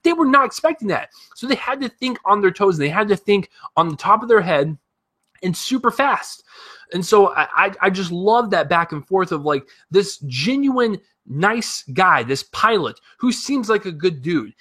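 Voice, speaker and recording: A man giving a casual spoken movie review, animated and profane, rambling with lots of fillers and restarts. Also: high-pitched, moderate pace. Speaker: film reviewer.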